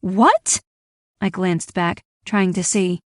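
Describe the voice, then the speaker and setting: A woman's voice: medium pitch, steady tone, moderate pace, a little mellow, dry recording, studio quality. Woman narrating a tense first-person story. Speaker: audiobook narrator.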